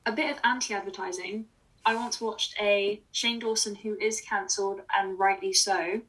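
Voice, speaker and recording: A woman's voice: mid-range voice, steady tone, moderate pace, a bit bright, recorded from a distance, poor audio. Giggly young woman, slightly off-mic. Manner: laughs often, rambling and joking. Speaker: podcast co-host. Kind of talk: casual chat.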